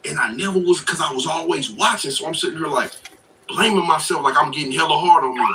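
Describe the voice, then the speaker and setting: A man's voice: a little high, fast talker. Man in his thirties, rambling from afar. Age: 30s. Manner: profane, rambling, slangy storytelling. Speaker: livestreamer and truck driver. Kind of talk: casual storytelling livestream. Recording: distant mic with clear background noise.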